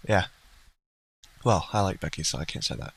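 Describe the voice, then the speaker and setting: A man's voice: deep voice, lively intonation, moderate pace, creaky, husky, low-quality recording. A man co-hosting a livestream in casual, rambling chat, blunt and profane, laughing now and then. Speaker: streamer co-host.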